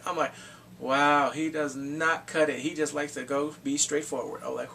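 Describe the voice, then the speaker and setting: A man giving an excitable, casual spoken review of a TV episode, swinging from mumbles to shouts. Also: a little high, moderate pace, vocal fry, far from the mic, slight background noise.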